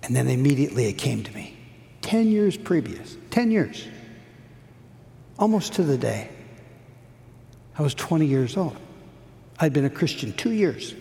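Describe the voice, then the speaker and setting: A middle-aged man preaching a sermon, telling a story earnestly, rising high and dropping to a hush. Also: big pitch swings, moderate pace, gravelly, pauses often. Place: church hall. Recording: long hall reverb.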